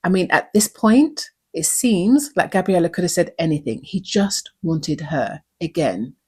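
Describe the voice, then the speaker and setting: A woman's voice: fairly low pitch, animated, a little slow, a little mellow, breathy edge. A woman hosting her own channel, breaking down a TV episode with earnest emotion and many rhetorical questions. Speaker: YouTube show recap host.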